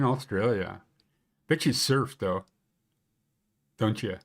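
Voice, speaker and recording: A man hosts a live stream about the local snow and weather and chats loosely with viewers as they comment. He talks in a rambling, joking way, full of fillers and asides. His voice sits at an ordinary middle pitch. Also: moderate pace. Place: Banff area.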